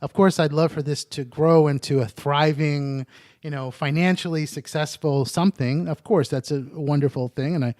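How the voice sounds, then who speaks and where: A man's voice: fairly high pitch, fairly even intonation, moderate pace, a little mellow, no room sound, clean studio sound. A man talking casually as a podcast guest, telling stories with joking asides. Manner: chatty storyteller, joking asides. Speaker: guest, addiction interventionist.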